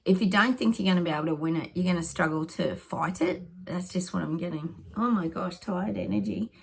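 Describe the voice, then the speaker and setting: A middle-aged woman vlogs her psychic predictions in a loose, rambling way, thinking aloud as she goes. Her voice sits a little low, with a husky, breathy edge and some gravelly fry. Now and then she drops into a whispered aside. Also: fairly quick.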